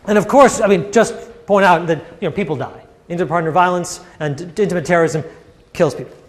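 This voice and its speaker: A man giving a university lecture in a classroom, animated and acting out the quoted voices. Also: high voice, fast talker, long reverb tail, a little hiss or hum. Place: lecture hall.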